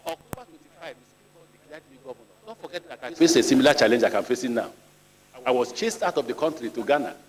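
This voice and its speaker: A middle-aged man with a Nigerian accent answers questions at a senate screening, speaking in a plain, earnest manner with the odd anecdote. His voice sits at an ordinary middle pitch. The long echo of a large legislative hall hangs behind every phrase. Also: expressive, fast talker, pauses often. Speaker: ministerial nominee. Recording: reverberant hall.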